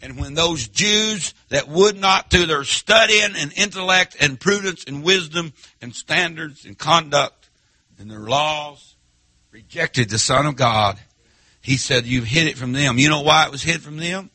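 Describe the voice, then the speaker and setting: A man preaching a sermon in church, firing rhetorical questions and swinging between loud emphatic lines and hushed asides. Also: fairly high pitch, measured pace, no echo. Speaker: pastor.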